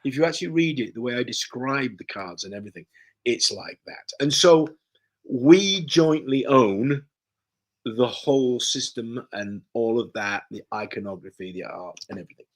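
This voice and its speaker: A man's voice: medium pitch, normal speed. A man, a guest author in a casual conversation, who tells stories animatedly and acts out the dialogue. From Yorkshire, England.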